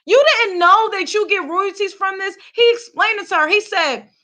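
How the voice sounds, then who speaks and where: A woman's voice: very high-pitched, moderate pace, sharp tone. A woman from Philadelphia hosting a celebrity gossip vlog, ranting heatedly and cursing as she talks straight to the camera. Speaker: vlog host.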